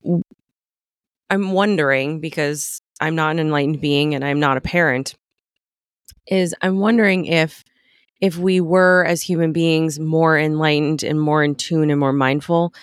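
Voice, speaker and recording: A woman co-hosting a podcast, talking slowly and reflectively, restarting her sentences as she searches for words. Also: sits low, steady tone, dry recording, clean studio sound. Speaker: podcast co-host. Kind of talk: casual conversation.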